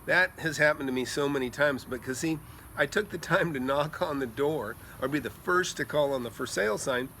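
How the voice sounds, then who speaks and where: Bright-voiced man, rambling storyteller. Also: a little high, fairly quick, a little hiss or hum. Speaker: real estate investor. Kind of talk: casual storytelling vlog. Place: outdoors by a pool at night.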